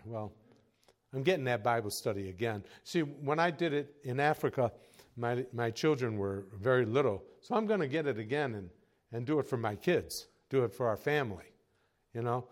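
A man preaching a sermon as pastor, telling folksy stories with chuckles and moving from quiet asides to raised exhortation. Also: mid-range voice, animated, normal speed.

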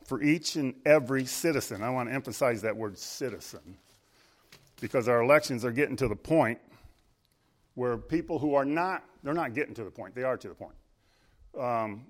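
Earnest male preacher, emphatic and halting. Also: mid-range voice. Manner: earnest, rising emphatic on key phrases; halting, repeats words and restarts. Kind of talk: sermon with opening prayer. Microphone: live-streamed church service.

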